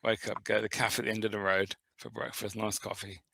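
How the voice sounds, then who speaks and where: A man with a bright, tense voice, recorded close and dry. He co-hosts a casual podcast, chipping in quick jokes and swearing freely. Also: on the low side, flat delivery, creaky, dry recording. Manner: quick joking interjections, swears. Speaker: podcast co-host. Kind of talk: casual chat.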